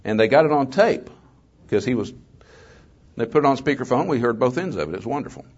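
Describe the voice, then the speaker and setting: A man's voice: mid-range voice, animated, fast talker, a little mellow, breathy edge. An older man and former mayor giving a testimony talk to an audience, telling stories in a folksy, conversational way with joking asides. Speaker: guest speaker, former mayor. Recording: slightly dull lo-fi recording.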